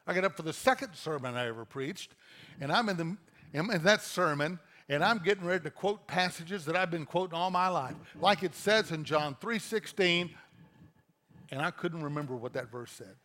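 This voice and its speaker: A middle-aged male pastor delivers a sermon in a conversational, storytelling way. His voice sits a little high for a man. He drops into quick acted-out quotes before returning to his teaching. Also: lively intonation, sharp tone.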